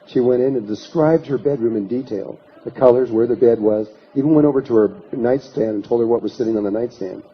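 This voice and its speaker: Fairly quick and with few pauses, a man with a medium-pitched, slightly rough voice gives a storytelling lecture at a workshop. He tells one long story, acts out the quoted voices, and restarts frequently in an anecdotal style. The recording is dull and lo-fi.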